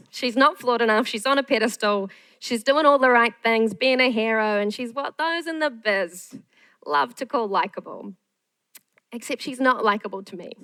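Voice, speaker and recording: A woman's voice: on the high side, fairly bright tone, no echo, poor audio. A woman screenwriter giving a candid masterclass talk, frank and self-deprecating.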